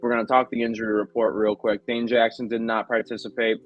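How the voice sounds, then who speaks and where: A man's voice: fairly low pitch, little pitch movement, quick pace, dull audio. A man co-hosting a podcast, chatting casually about football and running through injury news. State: talking with food in his mouth. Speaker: podcast co-host. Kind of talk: casual sports chat.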